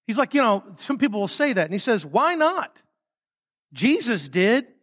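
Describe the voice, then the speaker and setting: A man preaching a sermon as pastor, with emphatic stresses that drop suddenly to a soft hush. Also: high voice, big pitch swings, a little fast. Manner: emphatic, swings from loud stresses to soft drops. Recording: reverberant hall.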